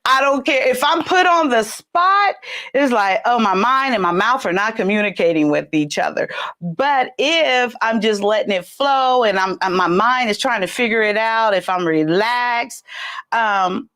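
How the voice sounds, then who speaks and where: Chatty Southern woman livestreaming. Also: a little slow. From California. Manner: chatty, laughs often, animated pitch jumps. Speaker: livestream host. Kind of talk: casual livestream chat.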